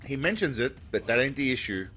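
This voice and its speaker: A man's voice: mid-range voice, sing-song, a little fast, sharp tone, soft background music. Sarcastic man narrating a roast. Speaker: comedy narrator. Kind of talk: mocking commentary voice-over.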